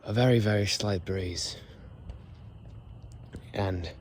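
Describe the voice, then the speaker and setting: A man vlogging as he walks outdoors, talking in an unhurried, wordy and self-amused way that sometimes drifts into soft murmurs. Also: fairly low pitch, slight background noise. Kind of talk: rambling walk-and-talk monologue. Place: outdoors on an evening walk.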